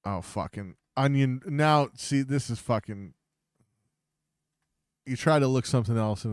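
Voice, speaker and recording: A man's voice: mid-range voice, measured pace, long pauses, smooth, no room sound, studio quality. A man co-hosting a casual podcast with profane, mocking banter. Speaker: podcast co-host. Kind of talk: casual chat.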